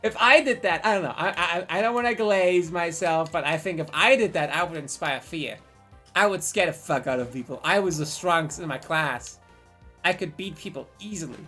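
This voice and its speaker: A woman's voice: lowish voice, normal speed, fairly bright tone, faint music behind. A woman in her twenties telling a rambling, profane story on a live stream and drifting into tangents.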